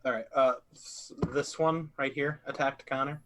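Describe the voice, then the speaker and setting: A man's voice: mid-range voice, fairly even intonation, normal speed, fairly bright tone, slight background noise. A man playing a tabletop game over a voice call, hesitant and laughing at his own slips. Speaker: player. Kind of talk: casual tabletop play.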